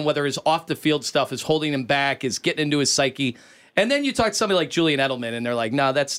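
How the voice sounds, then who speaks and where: A man with a slightly high voice co-hosts a podcast in easy, chatty talk. He keeps the conversation moving with questions and quick asides. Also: fairly bright tone. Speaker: podcast co-host. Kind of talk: casual radio podcast chat.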